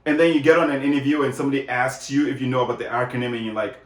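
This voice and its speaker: A man's voice: mid-range voice, steady tone, racing. A man giving a casual, conversational lesson, often checking in with "right?" as he explains. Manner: conversational, many fillers and tag questions. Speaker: lecturer. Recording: echoey room.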